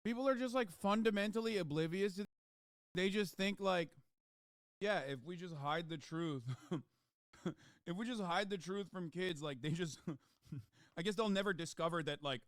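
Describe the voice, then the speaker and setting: A man's voice: high voice, normal speed, pauses often, no room sound, studio quality. A man doing livestream commentary, ranting sarcastically with plenty of swearing.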